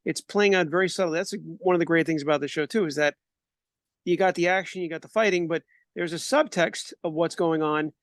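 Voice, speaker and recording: A man's voice: a little high, fairly quick, no room sound. A man co-hosting a podcast, musing about a TV show in a reflective, hedging way. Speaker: podcast co-host. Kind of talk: casual discussion.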